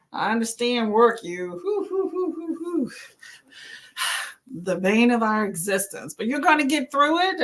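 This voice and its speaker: A woman hosts a casual reading livestream, chatting warmly with viewers and calling out their names as they join. Her voice sits a little high, and she walks everyone through slow stretches and deep breaths between reads. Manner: friendly, greets viewers by name, talks through stretches. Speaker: booktube host.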